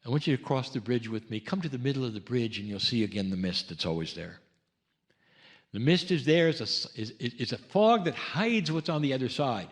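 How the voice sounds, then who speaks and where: A man talking a group through a slow guided meditation as a spiritual channeler, speaking straight to his listeners. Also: mid-range voice, expressive, in a large hall.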